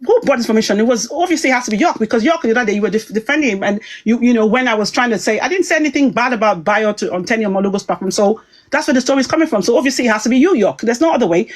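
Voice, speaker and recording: Upset woman with a high voice. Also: expressive, rapid-fire. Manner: emphatic, repetitive, restarts often. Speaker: live stream speaker. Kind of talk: heated personal monologue.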